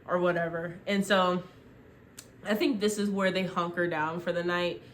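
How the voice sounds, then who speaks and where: A young woman chatting through a TV recap in a loose, rambling way, dropping "like" constantly and slipping into quick quoted voices. Her voice sits a little low, recorded on a phone with a faint hum behind it. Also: steady tone. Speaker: vlogger. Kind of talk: casual TV show recap.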